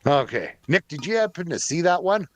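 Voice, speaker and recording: A man's voice: on the high side, big pitch swings, fairly quick, lo-fi sound. A man co-hosting a podcast who rambles and hesitates while showing pictures. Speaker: podcast co-host. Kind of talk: casual podcast chat.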